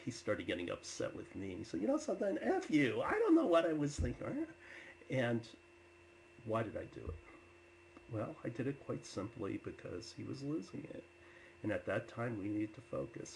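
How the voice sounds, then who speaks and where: A man telling personal stories to an audience with many filler uhs, turning loud and animated when he quotes himself. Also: low voice, gravelly, a little hiss or hum, low-quality recording. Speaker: storyteller. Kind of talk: personal storytelling talk.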